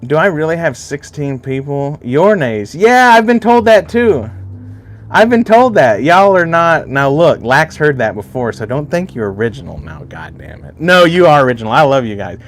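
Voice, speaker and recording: A man's voice: on the high side, sing-song, moderate pace. A man from Alaska hosting a casual livestream, rambling and swearing freely as he chats with his viewers. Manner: rambling and heavily profane, chatting directly to viewers. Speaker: livestream host.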